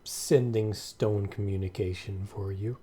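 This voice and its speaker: A man's voice: lowish voice, steady tone, measured pace, dark tone, husky. A man running a tabletop game as game master, encouraging the players and explaining the rules step by step.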